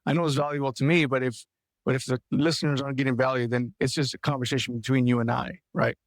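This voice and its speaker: Man hosting a podcast, mid-pitched voice, affirming and thoughtful, dry close sound. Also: level tone, quick pace, no room sound. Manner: warm affirming interjections, thoughtful questions. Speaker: podcast host. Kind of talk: interview podcast.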